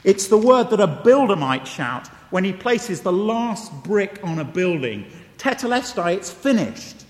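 Here a man preaches in a high, sing-song voice at a measured pace, keeping it conversational and emphatic while repeating key phrases and tossing in wry asides. A large hall's long reverb surrounds him.

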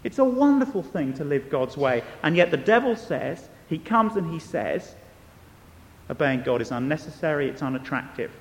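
A man's voice: fairly high pitch, big pitch swings, moderate pace, roomy sound, long reverb tail. A man preaching a sermon, earnest and emphatic, pressing questions on his listeners.

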